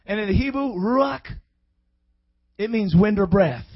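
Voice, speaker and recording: A man with a very high, light voice preaches a sermon with fervent, rhythmic call-and-response energy. The recording sounds dull and lo-fi, with the top end rolled off. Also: lively intonation, a little slow, husky.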